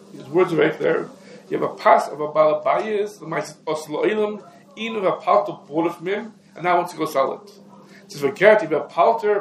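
A man teaching a lecture on Jewish law, explaining rapidly and peppering his English with Hebrew legal terms. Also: high voice, slight background noise. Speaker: rabbi teaching a class. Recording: echoey room.

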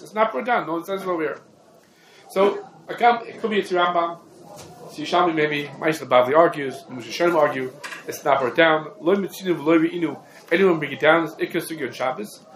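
Casting Male Torah teacher, fairly high voice, emphatic repeating delivery, echoey room with faint hum. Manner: rapid, repetitive, emphatic teaching with heavy Hebrew terms. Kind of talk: halachic lecture.

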